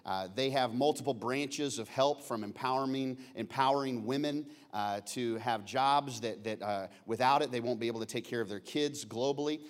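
A man, a pastor introducing a guest speaker to the church, halting with many fillers and restarts. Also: medium pitch.

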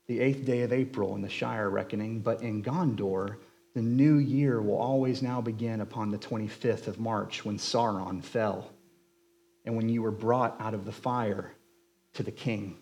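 A man voicing a wise, kindly old male wizard who speaks softly and measuredly, reading a novel aloud in a sermon. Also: mid-range voice, close to an everyday voice. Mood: calm. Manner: soft and measured.

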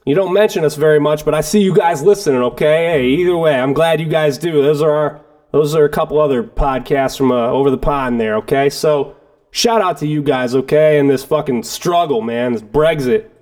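A man's voice: on the high side, brisk, a little mellow. A man from the Detroit area, co-hosting a podcast in loose, joking, profanity-laced casual chat. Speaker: podcast co-host.

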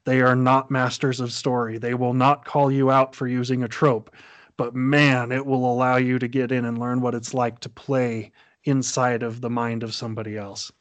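A man's voice: medium pitch, level tone, moderate pace, dry recording. A man in casual podcast chat, animatedly retelling a story and acting out the dialogue.

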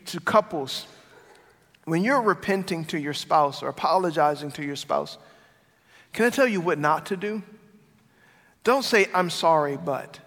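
Guy preaching, pretty high voice, keeps hammering phrases home, long echo off a big church hall. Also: fairly bright tone. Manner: emphatic, repeats key phrases. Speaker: pastor. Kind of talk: sermon. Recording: long reverb of a large hall.

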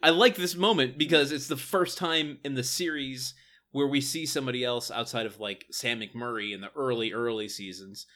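Male podcast co-host, bright sharp tone, wry critic. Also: medium pitch, normal speed. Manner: wry, critiquing, laughs often. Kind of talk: casual chat recapping a sitcom episode.

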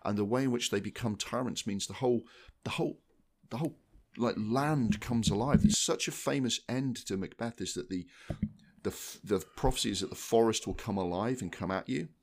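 A man's voice: fairly low pitch, a little fast. A man co-hosting a film podcast, talking at length in casual chat, with lots of restarts and repeated words. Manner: rambling, many restarts, animated. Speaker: podcast co-host.

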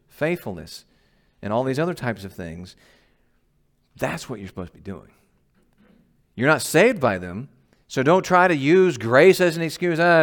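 A man, a pastor, giving a conversational, emphatic sermon and often asking the congregation questions. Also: mid-range voice. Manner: laughs at himself.

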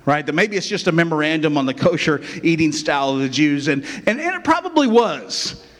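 A man's voice: a little high, fast. Conversational man preaching in a church. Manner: conversational, constant "right?" checks with the congregation. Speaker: pastor. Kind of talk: sermon. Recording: long reverb of a church hall.

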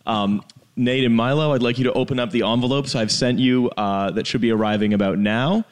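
A man's voice: mid-range voice, steady tone, brisk. A man hosting a comedic podcast over a call, steering the chat with frequent ums and uhs. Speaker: podcast host. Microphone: remote call.

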